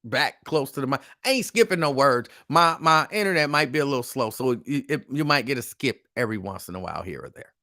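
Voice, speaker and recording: A man's voice: medium pitch, lively intonation, brisk, few pauses, pushed and bright. A man hosting a casual live stream, talking in an emphatic, repetitive, conversational way. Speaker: host.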